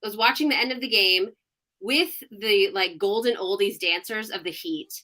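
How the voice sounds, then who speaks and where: A woman in her thirties, a sports reporter, chats as a podcast guest with a bright, forceful tone. She tells her stories with animated energy and laughs often along the way. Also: medium pitch, normal speed. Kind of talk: casual podcast interview.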